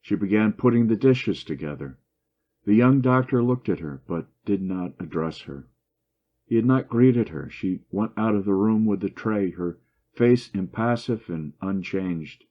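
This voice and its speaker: A man reading a classic short story aloud in steady, even narration. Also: lowish voice, a little slow. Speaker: story reader. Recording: dull lo-fi recording.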